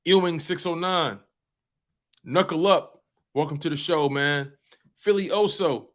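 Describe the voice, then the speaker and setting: A man's voice: a little high, unhurried, fairly bright tone. A man hosting a fan sports talk show, speaking passionately and emphatically and repeating phrases for effect. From US East Coast.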